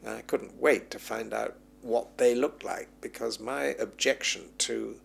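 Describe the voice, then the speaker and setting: This man speaks at a measured pace with a medium pitch, vocal fry and a slightly rough edge. As a film historian under interview, he reminisces at length, animatedly performing the voices of those he quotes.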